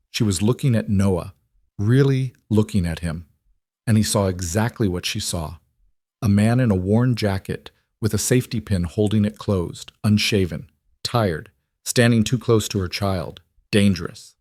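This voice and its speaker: Man reading a dramatic story, lowish voice, dry close sound. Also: moderate pace, darkish tone, no echo. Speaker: narrator. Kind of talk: scripted story narration.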